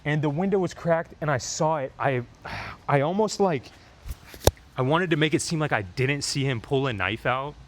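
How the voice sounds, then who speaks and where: A young adult man vlogging a storytime through a lapel mic on his shirt, retelling a tense encounter in an animated way, full of fillers like "like" and "dude.". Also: on the high side, normal speed, a little hiss or hum.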